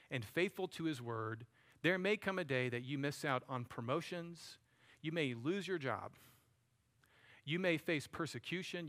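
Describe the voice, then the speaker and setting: Guy preaching, chatty, calls everyone buddy, kinda high voice. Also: fairly bright tone. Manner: conversational preaching, addresses listeners as buddy and friends. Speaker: pastor. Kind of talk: sermon.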